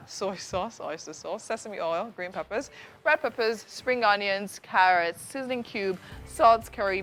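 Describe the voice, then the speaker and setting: A woman's voice: lowish voice, a bit bright. A Nigerian woman hosting a live TV cooking segment, bubbly and full of enthusiastic praise. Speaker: TV morning show host.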